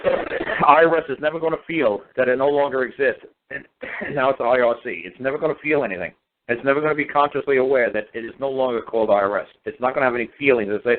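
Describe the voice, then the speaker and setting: This fast-talking man, medium in pitch, calls into a talk show as a guest and rants emphatically, repeating himself. It's casual phone-in talk, and the line sounds tinny.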